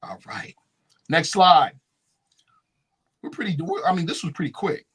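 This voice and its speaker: A man's voice: high voice, moderate pace, slightly rough. A man giving a lecture at a conference, often checking in with the audience with questions. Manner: animated, call-and-response questions. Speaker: conference speaker. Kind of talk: lecture with slides. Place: conference hall.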